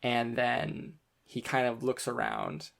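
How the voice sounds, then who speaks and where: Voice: mid-range voice, flat delivery, slow, creaky, fairly bright tone. A game master narrating a tabletop game in a casual way, with lots of ums and uhs. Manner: casual, filler-heavy narration with frequent ums.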